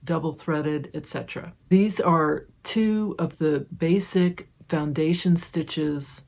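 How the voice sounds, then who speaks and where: Gravelly-voiced woman teaching embroidery. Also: sits low. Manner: chatty and gentle, thinking aloud while stitching. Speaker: embroidery teacher and channel host. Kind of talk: casual step-by-step craft tutorial.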